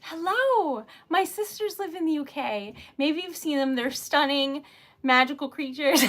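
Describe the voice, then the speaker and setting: A young woman from Rhode Island chats on a casual livestream in a high voice, taking her time between words. She sounds flustered and giggly and stammers a little as she talks. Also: measured pace, a bit bright. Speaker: livestream host.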